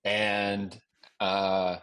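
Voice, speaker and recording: A man's voice: lowish voice, completely flat delivery, extremely slow, a bit bright, smooth. A man in his thirties from Alabama with a Southern accent, a guest historian telling a long story with many restarts. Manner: rambling with many restarts and fillers. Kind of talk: casual storytelling interview.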